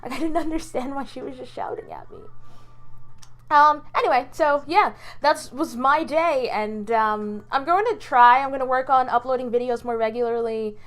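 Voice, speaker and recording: A young college woman chats casually about her day in a vlog. Her voice sits fairly high, and she rambles along with frequent ums and restarts. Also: normal speed, a bit bright. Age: about 20, college student. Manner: rambling, with many ums, restarts and small laughs. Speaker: vlogger.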